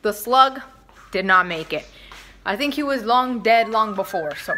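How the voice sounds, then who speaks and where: A woman's voice: fairly high pitch, animated, unhurried, noisy background. A young woman chatting playfully to camera at home as a vlogger, joking around. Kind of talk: casual chat to camera. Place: indoors at home, windy outside.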